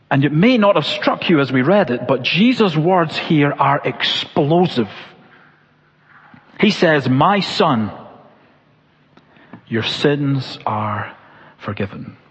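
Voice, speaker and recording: A male preacher giving an expository sermon, asking rhetorical questions and pausing for emphasis. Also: on the high side, breathy edge. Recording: lo-fi church recording with long reverb.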